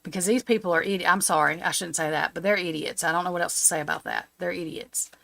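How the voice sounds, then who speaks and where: A woman's voice: fairly low pitch, fairly even intonation, quick pace, creaky, bright, forceful tone. A woman giving a casual, rambling tarot reading on a live stream from her home. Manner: chatty, rambling, laughs at her own remarks. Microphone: streaming setup.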